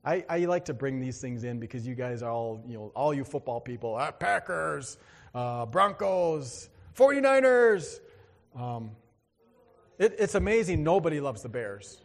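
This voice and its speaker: A man's voice: medium pitch, animated, normal speed, darkish tone, in a large hall. A male pastor preaching a sermon in a church, in a conversational way with joking asides to the congregation.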